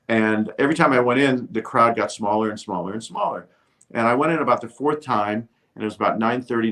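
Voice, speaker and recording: An older man, a TV host appearing as a guest, telling a lively anecdote and acting out the people he quotes. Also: lowish voice. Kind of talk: storytelling anecdote.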